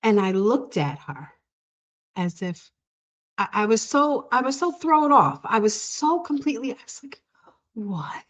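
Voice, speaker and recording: A woman's voice: a little high, expressive, unhurried. A woman guest sharing a personal story in conversation, earnest and emotional, laughing often between many fillers. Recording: dull lo-fi audio.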